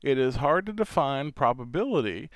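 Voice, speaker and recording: A man's voice: medium pitch, sing-song, normal speed, no room sound, lo-fi sound, voice pushed up. A man putting on an American Southern accent to play a Southern man talking about physics and scolding a boy. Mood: mock-lecturing. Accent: American Southern, put on.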